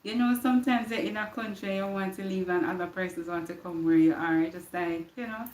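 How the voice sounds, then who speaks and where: A woman's voice: medium pitch, fairly even intonation, fairly quick, darkish tone, reverberant. A Jamaican woman hosting a casual live stream, greeting viewers by name and repeating her words. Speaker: livestream host.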